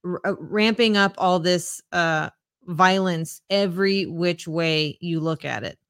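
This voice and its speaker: A podcast co-host in casual chat, introducing segments in a brisk, matter-of-fact way. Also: mid-range voice, a bit bright, clear, resonant tone.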